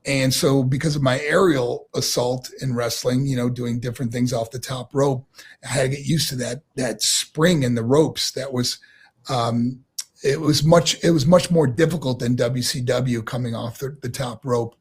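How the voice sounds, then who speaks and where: Husky-voiced middle-aged man from New York, animated and laughing as he recounts stories; interview guest. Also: mid-range voice, moderate pace. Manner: animated, laughs often while telling stories. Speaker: guest, former pro wrestler. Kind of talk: casual interview storytelling.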